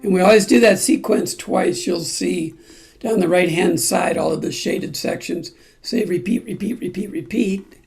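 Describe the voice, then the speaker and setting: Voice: mid-range voice, unhurried, gravelly, a little mellow, faint music behind. A ukulele group teacher explaining song timing step by step and breaking into snippets of the lyrics. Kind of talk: song-by-song music lesson.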